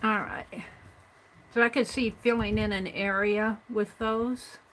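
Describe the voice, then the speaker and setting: Slow, chatty woman teaching doodles. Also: mid-range voice, steady tone, a bit bright, a little hiss or hum, rough recording. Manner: chatty, thinks aloud while drawing; counts and narrates each stroke. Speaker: art stream host. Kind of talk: live drawing tutorial.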